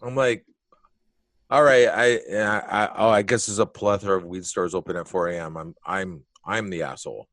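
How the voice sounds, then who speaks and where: A man's voice: sits low, normal speed, no echo. A man telling a story in casual conversation, swearing freely and acting out the other people's lines. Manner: animated, profane, acts out quotes.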